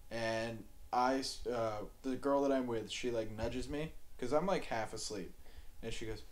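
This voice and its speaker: Crude laid-back male podcast storyteller. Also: a little slow. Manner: laid-back, profane, often drops to a low mumble. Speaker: podcast co-host.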